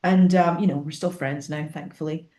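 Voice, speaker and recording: A woman from northeast Scotland with a Scottish accent, co-hosting a casual podcast chat and telling stories in an animated way. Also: low voice, normal speed, reverberant. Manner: animated storytelling, acts out quoted voices. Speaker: podcast co-host.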